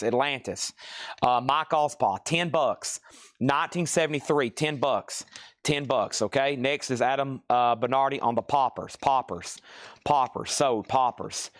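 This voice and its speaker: A man running a live-stream record sale in a store, rattling off titles and prices in a quick sales patter, tired and saying his voice is wearing out. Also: mid-range voice. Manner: rapid auction-style calling of items and prices, chatty asides. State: tired, voice getting worn.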